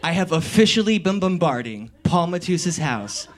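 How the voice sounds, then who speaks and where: A young man with a slightly high voice tells a comic story from his own life. He is animated and swears freely, laughing and bursting into shouts as he goes. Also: normal speed. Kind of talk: live comedic storytelling.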